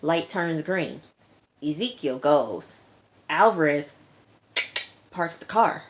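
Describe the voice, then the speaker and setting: Woman TV-recap vlogger, lower voice, chatty and animated, lots of slang asides. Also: takes it slowly. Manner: lively retelling with slang and acted-out quotes. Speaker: TV review vlogger. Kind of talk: casual episode recap.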